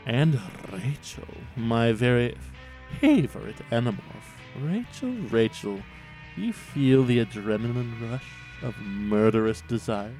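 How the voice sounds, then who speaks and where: Casting: a man doing a sly, sinister alien trickster, slow and taunting, with swooping pitch. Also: animated, a little mellow, faint music behind, lightly acted. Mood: menacing hushed. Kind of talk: dramatic reading on a podcast.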